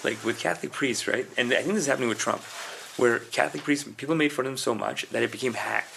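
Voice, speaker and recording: A man's voice: medium pitch, fast talker, gravelly, fairly bright tone, a little hiss or hum. A man co-hosting a comedy podcast, rambling through stories in casual chat and calling people "dude" and "man". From Canada. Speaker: podcast co-host. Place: indoors, podcast recording.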